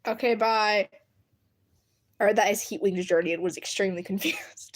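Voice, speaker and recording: A woman with a medium-pitched voice talks at a normal speed, with a little hiss or hum in the audio. Streaming from her home computer, she chats casually with viewers, giggly and animated and often bursting into laughter.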